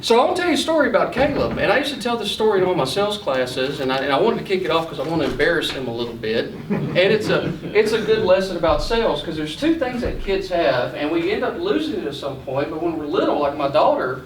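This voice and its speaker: A man telling a folksy story as a sales trainer to an audience, animated, with many restarts. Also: fairly high pitch, slight background noise. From Mississippi, USA. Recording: echoey room from a distance.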